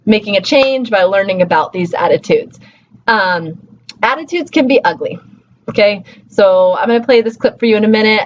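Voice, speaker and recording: A woman's voice: mid-range voice, highs cut off, a little hiss or hum. A woman teaching a linguistics class in a conversational lecture style, often checking in with "okay" and "right.". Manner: conversational, frequent "okay" and "right" tag questions. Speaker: linguistics instructor. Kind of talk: recorded lecture.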